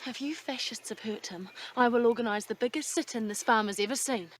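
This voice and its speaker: A woman's voice: fairly high pitch, a little fast, close to an everyday voice. A woman playing an earnest young environmental activist in a film, speaking indignantly. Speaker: film character. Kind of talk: film dialogue.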